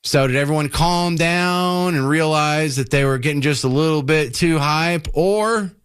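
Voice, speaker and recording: Man hosting talk radio, fairly high voice, sarcastic and exasperated, ranting opinion monologue. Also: unhurried, fairly bright tone, clear, resonant tone. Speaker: radio talk show host.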